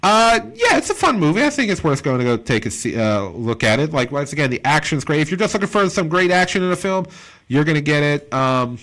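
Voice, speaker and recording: A man's voice: on the high side, fairly quick. A man co-hosting a casual podcast, a comedian who reviews a movie in a rambling way with lots of fillers. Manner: rambling, filler-heavy, animated impressions.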